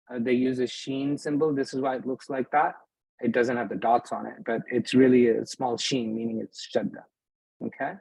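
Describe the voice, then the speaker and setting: A man's voice: medium pitch, a little mellow, no echo, poor audio. A man teaching beginners in a live class, patient, often checking that his students follow. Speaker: Arabic teacher. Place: mosque classroom.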